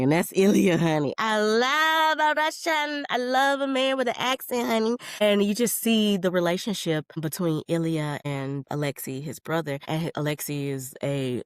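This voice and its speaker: A woman hosting a solo podcast, rambling in a casual, animated way and speaking. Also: deep voice, clear, resonant tone, dry recording, studio quality. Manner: chatty and rambling, animated, with laughs and slang. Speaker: podcast host.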